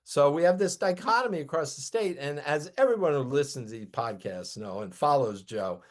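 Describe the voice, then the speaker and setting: A man as a guest weather expert on a podcast, explaining conditions in a measured, informative way and citing station figures. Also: fairly high pitch, lively intonation. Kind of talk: conversational explanation.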